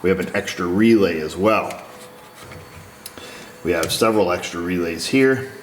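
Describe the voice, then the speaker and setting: A man with a fairly low voice talks through a truck repair in a relaxed way, half to himself, as he checks parts. The recording has clear shop noise in the background. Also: moderate pace, low-quality recording. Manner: talks to himself while inspecting parts, easygoing. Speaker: auto repair technician. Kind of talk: casual workshop commentary.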